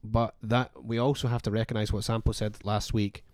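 Rambling man, low voice. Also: level tone, a little fast, darkish tone, no room sound, clean studio sound. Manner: rambling, with many fillers and restarts. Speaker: podcast co-host. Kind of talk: casual chat.

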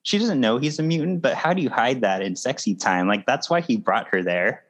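A man's voice: medium pitch, animated, brisk. A man hosting a casual podcast who steers the conversation with brief, easygoing replies. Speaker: podcast host.

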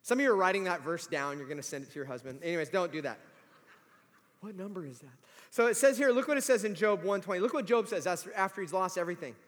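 A man, a pastor, preaching a conversational sermon that turns animated and emphatic. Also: high voice, fast. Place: large hall or church. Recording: long reverb of a big hall.

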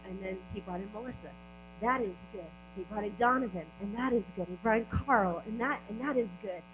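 A woman's voice: mid-range voice, fairly quick. A woman at a church service sharing an earnest, rambling testimony, repeating and stumbling over her words. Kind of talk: spontaneous testimony. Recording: dull sound with a clear mains hum.

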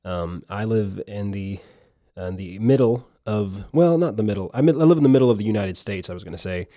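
Male podcast host, mellow tone, rambling casual talk, dry close sound. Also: fairly low pitch, fairly quick, no echo. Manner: rambling, repeats words and restarts. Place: lives in Missouri.

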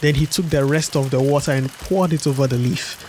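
A man reads a folktale aloud in a storybook style. His narration is steady and clear, pitched a little high. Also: a little fast, a little hiss or hum.

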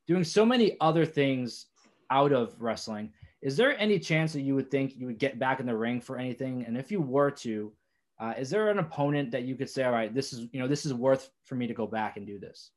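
A man's voice: medium pitch, animated, fairly quick. A young man hosting an interview, asking long, hesitant questions full of fillers. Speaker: podcast host.

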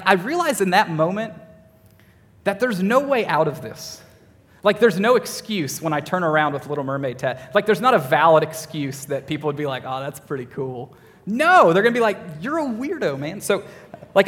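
A young man preaching, telling a self-mocking story in an animated way, full of "like". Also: a little high, big-room sound. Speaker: youth pastor. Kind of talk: sermon with personal storytelling.

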